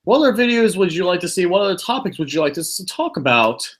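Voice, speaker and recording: A man's voice: high voice, very animated, fast. A man hosting a podcast in casual chat, laughing, joking and swearing a lot. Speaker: podcast host.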